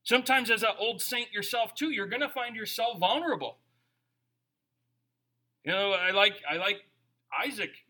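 A man preaching a sermon as pastor, conversational and animated, asking his listeners questions. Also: high-pitched.

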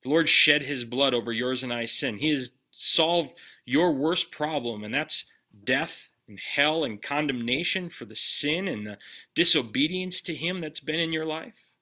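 A man preaching a sermon in a conversational way, putting direct questions to his listeners and dropping his voice low on key lines. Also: a little slow, bright, forceful tone. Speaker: pastor.

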